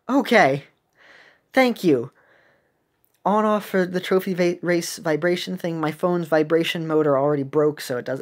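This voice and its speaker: Low-voiced woman chatting over game text. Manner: chatty, makes puns and corrects herself; laughs at her own jokes. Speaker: game video creator. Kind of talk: casual commentary reading game text.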